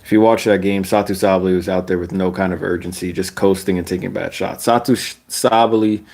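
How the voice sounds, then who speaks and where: A young man giving casual, slangy basketball commentary. He rants, laughs often and mocks other people with sudden high-pitched voices. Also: fairly quick, vocal fry. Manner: animated, laughing, slangy, mocking voices with big pitch jumps.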